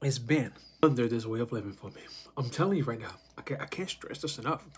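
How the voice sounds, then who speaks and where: A man's voice: medium pitch, lively intonation, fast, slightly rough. A man talking casually to the camera, rambling and swearing, who acts out little scenes with other people to make his point. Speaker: vlogger.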